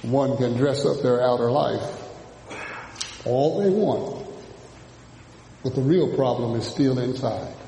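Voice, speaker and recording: A man preaching a sermon, dropping low and then rising to shouts as he mimics churchgoers. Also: takes it slowly, gravelly, long pauses, slight background noise. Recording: echoey hall from a distance.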